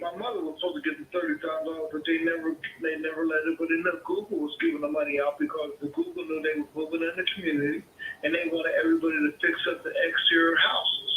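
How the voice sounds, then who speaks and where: A man's voice: on the high side, pushed and bright, reverberant, slight background noise, low-quality recording. A man from the Pittsburgh area, arguing heatedly as a caller, profane and combative, repeating himself. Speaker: caller, homeowner. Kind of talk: heated phone argument.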